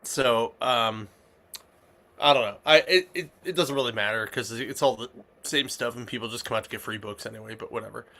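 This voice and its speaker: A man's voice: mid-range voice, fairly quick, gravelly, pushed and bright. A man hosting a casual comic shop podcast, rambling with lots of fillers and restarts. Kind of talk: casual chat.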